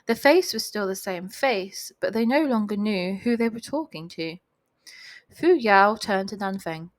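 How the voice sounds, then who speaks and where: Reading a novel aloud at home on a home voice recording, a young woman stops to make giggly, chatty asides. Her medium-pitched voice is expressive and her pace measured.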